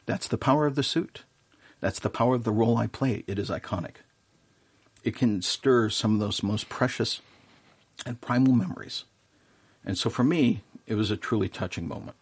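A man's voice: lowish voice, moderate pace, slightly rough. A middle-aged man who works as Santa, telling earnest stories in a casual radio interview, with plenty of fillers and restarts. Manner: warm, earnest storyteller with many fillers and restarts. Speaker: professional Santa performer, radio guest.

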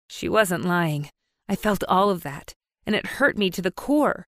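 A woman with a lowish voice reads a first-person audiobook, telling the story with emotive intensity. She is recorded dry and close, with no room echo around her. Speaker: audiobook narrator.

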